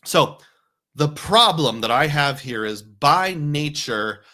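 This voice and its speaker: A man's voice: fairly high pitch, expressive, takes it slowly, sharp tone. A man hosting a live stream, chatting casually and thinking aloud as he reads viewer comments. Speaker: host.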